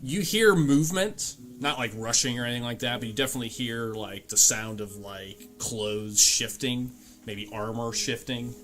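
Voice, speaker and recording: A man of middle pitch runs a tabletop game, narrating in a loose, halting way with plenty of pauses and fillers. Faint guitar music plays under his voice. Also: a bit bright. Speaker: game master.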